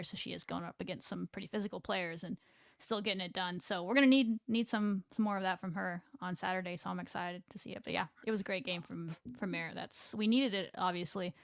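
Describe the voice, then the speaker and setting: A woman's voice: on the low side, fairly even intonation, fast, creaky, no echo, clean studio sound. A young woman co-hosting a casual sports recap show. She talks in a chatty way, laughs often and reads viewer comments aloud. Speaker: sports podcast co-host.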